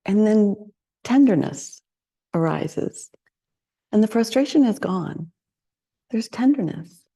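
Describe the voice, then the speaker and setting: A woman's voice: mid-range voice, animated, takes it slowly, gravelly, pauses often, dark tone, slightly rough. A woman meditation teacher giving a dharma talk, reflective and candid, often asking questions.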